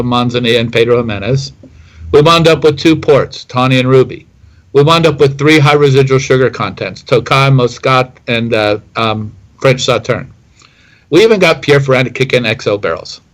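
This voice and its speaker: A man's voice: mid-range voice, poor audio. Rambling middle-aged man telling a story. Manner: rambling with many fillers and restarts. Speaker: whiskey distiller guest. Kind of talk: storytelling interview answer.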